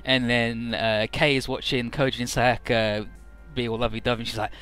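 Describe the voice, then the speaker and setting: A man's voice: mid-range voice, level tone, moderate pace, hardly any pauses, a bit bright, clean tone, soft background music. A man giving casual, joking commentary over a video game playthrough, summarizing the story in a rambling way. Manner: joking, rambling, paraphrasing characters.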